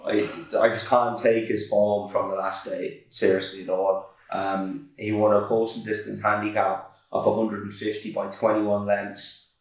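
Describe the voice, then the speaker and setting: Low-voiced man tipping horses. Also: little pitch movement, a little slow. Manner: laid-back, filler-heavy, self-correcting. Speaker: podcast co-host, racing tipster. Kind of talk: casual chat. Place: office. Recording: echoey room, far from mic.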